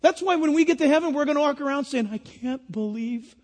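A man preaching a sermon, lively and animated, acting out little voices and laughing at his own jokes. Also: very high-pitched, rapid-fire. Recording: long hall reverb.

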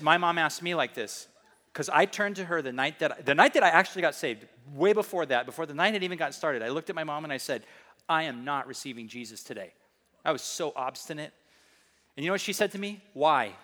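A man preaching a sermon in a church, emphatic and quick to joke, with sudden asides to his listeners. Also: fairly high pitch, sharp tone, long reverb tail. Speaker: pastor.

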